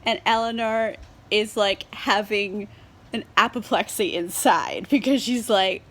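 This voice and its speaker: A woman's voice: on the high side, normal speed. A woman casually reviewing a book while tipsy on wine, chatty and giggly with lots of fillers and swearing, recorded on a camera set on a tripod. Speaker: book vlogger.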